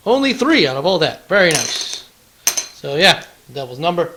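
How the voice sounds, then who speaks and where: A man's voice: on the high side, very animated, moderate pace, very noisy. Chatty man calling tabletop dice rolls. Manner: chatty, counts dice aloud, playful taunts. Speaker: wargame battle report host. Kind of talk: casual play-by-play of a tabletop game.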